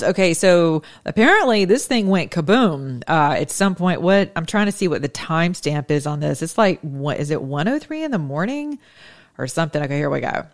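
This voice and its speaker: A woman's voice: low voice, very animated, normal speed. A woman hosting a casual commentary show, chatting and reacting sarcastically as she scrolls through news stories and laughs at her own jokes.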